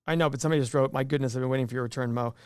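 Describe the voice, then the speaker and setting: A man's voice: medium pitch, fairly even intonation, rapid-fire, a little mellow, clean tone, dry recording, studio quality. A man hosting a casual investing livestream, chatting and joking with viewers and often restarting his sentences. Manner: chatty, jokey, self-interrupting. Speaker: livestream host.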